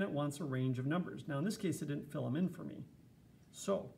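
A man's voice: medium pitch, gravelly, dark tone, slight background noise. A man giving a casual, chatty screencast lesson, explaining step by step with fillers. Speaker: teacher.

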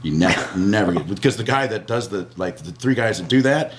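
Deep-voiced man telling a wild story. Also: fairly quick. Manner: animated storyteller, acts out screams and quotes. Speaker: interview guest. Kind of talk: storytelling anecdote.

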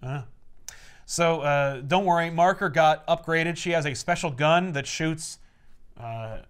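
A man's voice: on the high side, measured pace, fairly bright tone, clean tone. A man co-hosting a podcast, casually recapping a comic with rambling filler-heavy narration and wry asides.

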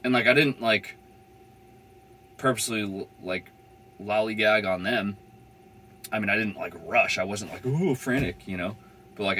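A man's voice: fairly low pitch, sharp tone, slight background noise. A young man telling a van-life story in a casual, rambling way, full of fillers and swearing. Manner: rambling, laid-back, swears freely, many "like" fillers.

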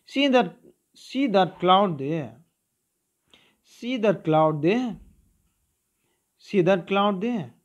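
A man doing an eager storybook child who is thrilled by everything. The voice jumps up high as he reads with excitement. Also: extremely slow, pauses often, heavily acted. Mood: excited.

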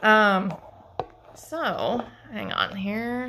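A woman's voice: mid-range voice, lively intonation, slow, sharp tone, a little hiss or hum. A woman who runs a fiber craft shop and teaches, talking casually into a handheld phone camera on a live stream, rambling with many ums and restarts.

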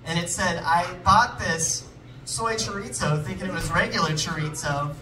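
A man's voice: sits high, moderate pace. A man doing a rambling, self-deprecating stand-up set, out of breath on a club stage. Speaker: stand-up comedian. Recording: roomy club sound from a distance, loud crowd and noise.

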